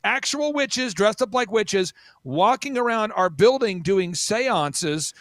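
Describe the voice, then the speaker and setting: A man talking as a guest in animated, mocking storytelling, energetic and full of quick asides. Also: high-pitched, no echo. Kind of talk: animated storytelling in casual chat.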